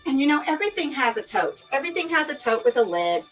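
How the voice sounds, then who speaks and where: A woman's voice: sits high, sing-song, quick pace, soft background music, low-quality recording. A woman vlogger chatting casually to her live viewers while she tidies a craft room. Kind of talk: casual live-stream chat.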